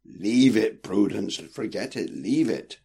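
A man's voice: fairly low pitch, lively intonation, takes it slowly, creaky, mellow, slightly rough, heavily acted. A man voicing a sleepy, irritable young boy in a storybook reading. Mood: reluctant. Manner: drowsy, irritable.

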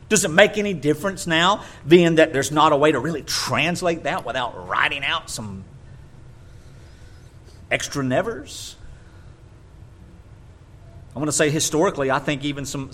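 A man preaching a sermon, reading scripture aloud and repeating words for emphasis, with big swings between loud and quiet. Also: a little high.

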